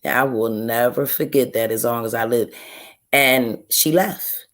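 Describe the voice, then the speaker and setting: Earnest woman telling a personal testimony. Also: rumbling low. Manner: slow, earnest storytelling with repeated phrases. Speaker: guest author. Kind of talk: emotional personal testimony in an interview.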